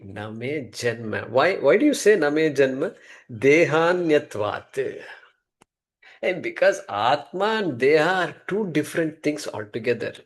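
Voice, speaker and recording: A man teaching a scripture class, conversational and repeating key terms as he explains. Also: fairly high pitch. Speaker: Vedanta teacher.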